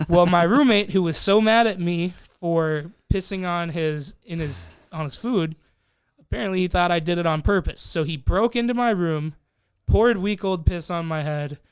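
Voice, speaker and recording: A man's voice: sits high, normal speed, clean tone, no room sound, studio quality. Profane young man telling a wild story. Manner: profane, animated, acts out quoted voices. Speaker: podcast co-host. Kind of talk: casual storytelling among friends.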